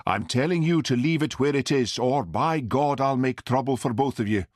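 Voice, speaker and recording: A man's voice: medium pitch, moderate pace, no echo, clean studio sound, voice pushed up, close to an everyday voice. A man voicing a haughty, snobbish doctor in an audiobook. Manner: haughty, scornful.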